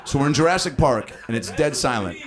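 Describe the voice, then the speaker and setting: A man in his late thirties riffs through improvised stand-up on a comedy club stage, swearing loosely and swinging his pitch widely as he acts out quotes. A loud, laughing crowd fills the live recording. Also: fast. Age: 30s. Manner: loose, profane storytelling with lively voiced quotes. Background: audience laughing.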